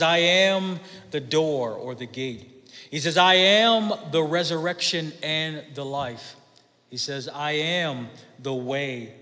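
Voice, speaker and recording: A man's voice: on the high side, sharp tone, in a large hall. A man preaching a sermon, reading scripture aloud and then speaking in an emphatic way, often repeating words and saying uh. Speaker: pastor.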